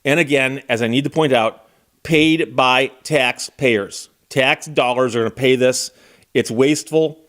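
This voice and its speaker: A man's voice: mid-range voice, measured pace, a bit bright. A man giving casual, wry legal commentary and talking straight to the viewer in a conversational way.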